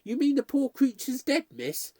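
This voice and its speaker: A man voicing a young, nervous housemaid who is excitable and gossipy, talking in a breathless, high-strung rush. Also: moderate pace, no echo, exaggerated voice. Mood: anxious.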